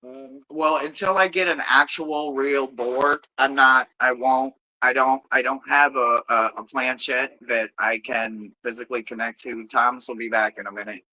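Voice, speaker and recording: Bright-voiced man reading tarot live. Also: medium pitch, steady tone, moderate pace, few pauses, rough recording. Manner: loose and rambling, swears freely, talks straight to the chat. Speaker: tarot reader hosting a live stream. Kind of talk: casual live-stream reading.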